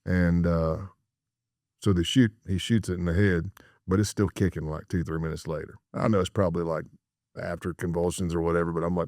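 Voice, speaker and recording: Deep gravelly-voiced man telling a story. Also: fairly quick, dry recording, clean studio sound. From United States. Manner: animated storyteller acting out quoted dialogue. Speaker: former undercover FBI agent, podcast guest. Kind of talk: storytelling in a podcast interview.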